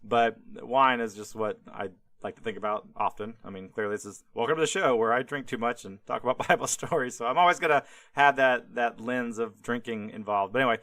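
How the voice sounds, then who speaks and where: Young man, podcast host, bright tone, dry close sound, rambling casual storytelling. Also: medium pitch, brisk, dry recording. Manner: rambling, lots of "like" and laughs, acts out characters. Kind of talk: casual retelling of Bible stories.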